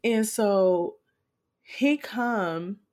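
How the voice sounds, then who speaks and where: A woman tells a personal story casually, frank, profane and animated, her pitch jumping as she relives moments. She draws out her words.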